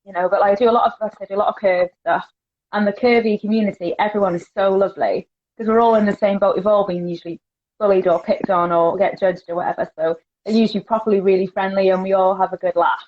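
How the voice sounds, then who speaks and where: A woman's voice: mid-range voice, fairly even intonation, fast talker. A woman, a curve model chatting candidly as a podcast guest, laughing often. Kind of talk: casual podcast chat. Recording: dull lo-fi sound.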